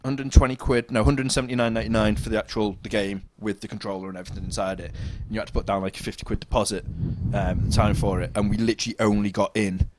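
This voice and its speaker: A man's voice: fairly low pitch, steady tone, quick pace, hardly any pauses, noisy background. A man telling a story in casual chat. He rambles and corrects himself as he goes.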